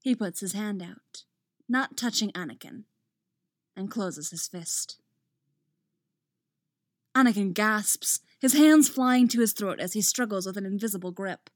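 A woman reading a fan fiction story aloud as narrator, steady and expressive. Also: medium pitch, unhurried, pauses often, no echo, studio quality.

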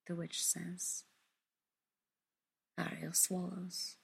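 A woman reading a literary story aloud in a hushed, measured, intimate way, often dropping into a whisper. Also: on the low side, fairly even intonation, creaky, husky.

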